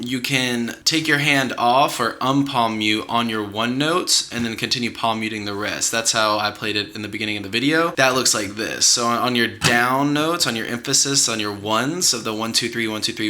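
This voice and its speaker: A young man teaches a song on guitar, with a medium-pitched, easygoing voice. He encourages practice and counts beats aloud. Guitar playing sounds clearly under his talk. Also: pushed and bright. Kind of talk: guitar tutorial.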